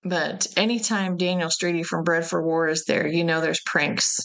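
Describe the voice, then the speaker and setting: Guest, woman, event director; lower voice, loose storytelling with laughs. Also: steady tone, normal speed, gravelly, fairly bright tone. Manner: rambling, laughs while telling stories. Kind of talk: casual interview chat.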